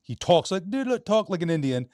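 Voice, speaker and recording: A man talking as a podcast guest, loose and joking, quick to laugh and swear. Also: sits high, big pitch swings, a little mellow, no room sound, studio quality. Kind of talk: casual chat.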